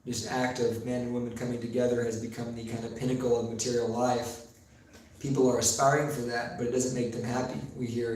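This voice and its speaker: A man preaching in a temple hall at a mid pitch, unhurried and storytelling, with pauses and fillers. His voice booms with heavy echo, picked up from far off, and a faint hiss sits underneath. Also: little pitch movement, a little mellow. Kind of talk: sermon. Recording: very echoey room, mic far off, faint noise.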